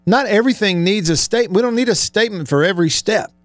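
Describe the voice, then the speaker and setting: A man's voice: high-pitched, quick pace, dry recording. A middle-aged man hosting a sports talk show, ranting with heated sarcasm and building emphasis. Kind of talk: live-streamed sports talk monologue.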